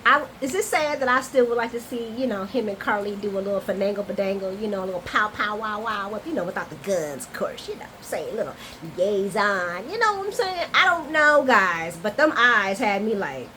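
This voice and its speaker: This woman's mid-range voice moves fairly quickly with few pauses, and there's slight background noise. She recaps a soap opera in a casual chat to camera, playful and animated, addressing viewers as "y'all" between asides.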